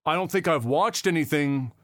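A man's voice: fairly high pitch, moderate pace, fairly bright tone, no echo, clean studio sound. A man hosting a casual podcast, chatting and rambling about movies and games, swearing freely. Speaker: podcast host. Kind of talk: casual chat.

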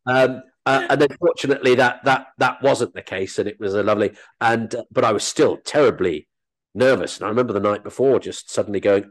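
A man telling interview anecdotes in a lively, self-mocking way, his voice sitting at a middle pitch for a man. He talks like a working actor and comedian, quick to poke fun at himself as he tells his stories. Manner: animated, self-deprecating storytelling.

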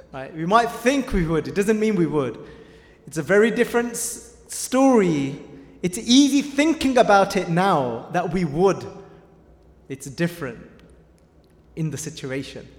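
A man giving a conversational sermon, telling stories and quizzing his audience with questions. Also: sits high. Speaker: preacher. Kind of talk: sermon with storytelling. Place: large hall with a live audience. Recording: echoey hall with long reverb.

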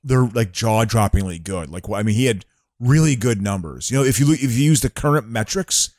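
A man co-hosting a casual chat, rambling through baseball memories and trivia with animated enthusiasm. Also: on the low side, fairly quick, dry recording, clean studio sound. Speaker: podcast co-host.

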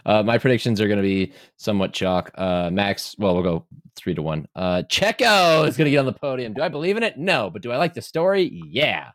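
A man's voice: fairly low pitch, very animated, fairly quick, no echo, studio quality. A man co-hosting a sports podcast in a casual, jokey chat, laughing often and slipping into silly voices. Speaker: podcast co-host.

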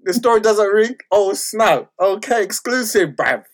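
Slangy man with a high voice. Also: animated, unhurried. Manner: laid-back, slangy, laughs between lines. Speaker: podcast host. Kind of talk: casual football chat.

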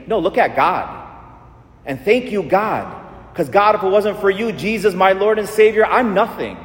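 A man's voice: high-pitched, very animated, normal speed. A man preaching an earnest, repetitive sermon as a Catholic priest in a church. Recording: echoey church with long reverb.

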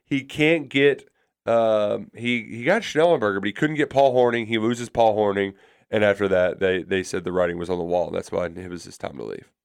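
Smooth-voiced man rambling on sports radio. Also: fairly low pitch, moderate pace. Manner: rambling storyteller with many restarts. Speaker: radio show co-host. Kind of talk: casual sports radio chat.

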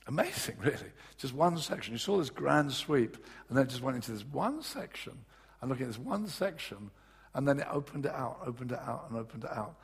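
Male preacher, gravelly and very husky voice, earnest and halting, long hall reverb. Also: medium pitch, animated. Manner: earnest, halting, with many restarts. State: voice recovering from loss. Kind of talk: sermon. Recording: echoey hall.

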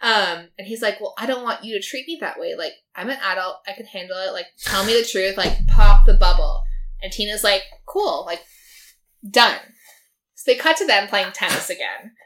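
Young woman co-host, bright and forceful tone, breezy filler-laden retelling of a show. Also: mid-range voice, expressive, moderate pace, slight background noise. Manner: chatty, filler-heavy, quotes characters in her own voice. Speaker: podcast co-host. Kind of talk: casual chat recapping a TV episode.

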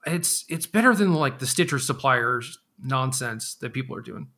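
A man's voice: medium pitch, animated, normal speed, bright, forceful tone. A man co-hosting a casual card game podcast, talking in a laid-back, rambling way with lots of fillers. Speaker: podcast co-host.

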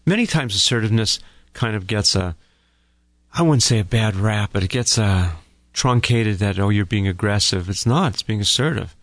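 A middle-aged man, a couples therapist, hosts a radio talk segment and tells a personal story in a calm, folksy way to listeners he calls folks. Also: lowish voice, normal speed, no room sound.

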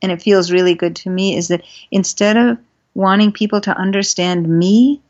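A woman, a guest on a podcast, telling stories in an earnest, gentle way and getting animated as she goes, on a dull lo-fi recording. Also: medium pitch, normal speed. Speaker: guest, animal rights advocate. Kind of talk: conversational podcast storytelling. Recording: dull lo-fi sound.

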